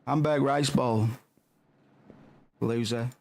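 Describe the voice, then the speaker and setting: Gravelly swearing streamer. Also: male voice, medium pitch, steady tone, slow, a little mellow, slight background noise. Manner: swearing, rambling, playfully rude to game characters. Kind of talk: casual gameplay commentary.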